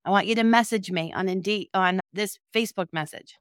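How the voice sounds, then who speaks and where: A woman's voice: medium pitch, fairly quick, clean tone, dry recording, studio quality. Emphatic woman coaching childcare directors. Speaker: child care business coach. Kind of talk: motivational talk to camera.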